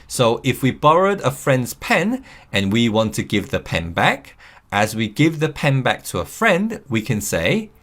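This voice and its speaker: A man teaching English, reading out model phrases slowly and clearly for learners to repeat. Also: mid-range voice, a bit bright. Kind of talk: scripted lesson narration.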